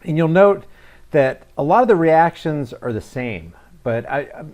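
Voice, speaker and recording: A man's voice: a little high, lively intonation, a little slow, a little mellow. A man hosting a reaction video, talking in a sarcastic, mocking commentary style. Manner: mocking, emphatic, with scornful asides.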